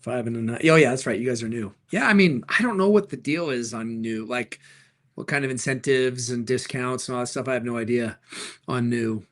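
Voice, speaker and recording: Speaking at a medium pitch with a fairly bright tone, a middle-aged man who hosts a live stream and sells cars answers viewers' questions. He keeps it upbeat and jokey, with rapid replies to chat.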